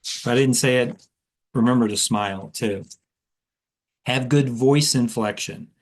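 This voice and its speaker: A man coaching telesales agents in a casual, conversational way, with lively inflection and frequent fillers. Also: medium pitch, measured pace. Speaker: sales trainer.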